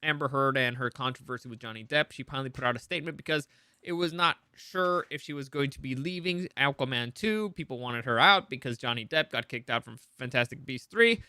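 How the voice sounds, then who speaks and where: A man's voice: mid-range voice, a little fast, bright, forceful tone, clear, resonant tone, no echo. A man hosting a casual entertainment news show, rambling with many restarts and opinionated asides.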